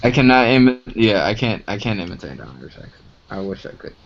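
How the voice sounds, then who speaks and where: Guy with a lowish voice rambling in a voice chat, lots of uhs, dull lo-fi sound. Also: animated, noisy background. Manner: rambling, halting with many fillers. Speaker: voice chat participant. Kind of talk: casual group voice chat.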